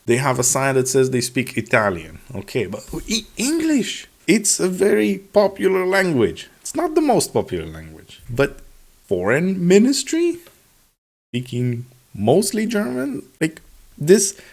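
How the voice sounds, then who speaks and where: A man talking casually to camera in a vlog, sarcastic and animated, acting out officials' replies in mock voices. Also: on the high side, a little slow, creaky. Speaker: vlogger.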